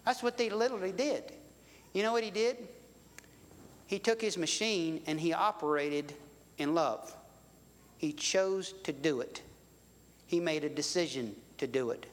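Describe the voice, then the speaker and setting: A man's voice: fairly high pitch, unhurried, long pauses, in a large hall. A man preaching a sermon in a folksy, conversational way, asking his listeners rhetorical questions. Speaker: pastor.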